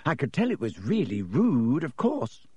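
A man's voice: medium pitch, huge pitch swings, measured pace, darkish tone, slightly rough, no room sound, lo-fi sound, heavily acted. A man voicing a clever, anxious schoolgirl who speaks earnestly.

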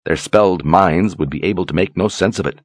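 A man narrating a fantasy audiobook in a measured, dramatic way. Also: low voice, no echo. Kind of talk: scripted narration.

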